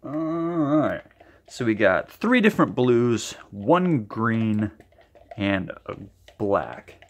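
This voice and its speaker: A man's voice: medium pitch, very animated, drawn-out words. A man hosting a paint-pouring video, chatting enthusiastically to the camera and thinking aloud as he mixes colors. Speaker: acrylic pouring channel host. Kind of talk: casual demo talk to camera.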